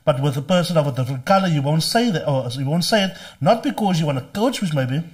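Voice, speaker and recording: A man's voice: fairly high pitch, expressive, fast talker, slightly rough. A man joining a podcast chat, tentative and searching for his words. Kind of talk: casual conversation.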